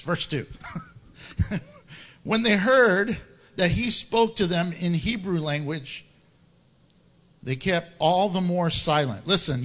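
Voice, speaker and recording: A man preaching a verse-by-verse sermon, acting out the people in the story and laughing often. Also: fairly high pitch. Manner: animated, acts out voices of biblical figures, laughs often. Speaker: pastor. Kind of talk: sermon, verse-by-verse Bible teaching.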